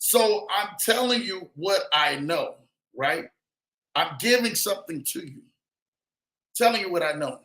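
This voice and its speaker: A man hosting a casual livestream, hyping viewers with shout-outs and repeated "man" between phrases. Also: high voice, animated, a little slow, pauses often, echoey room. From lives in Denver. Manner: hype, repetitive "man" and "in the building". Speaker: livestream host.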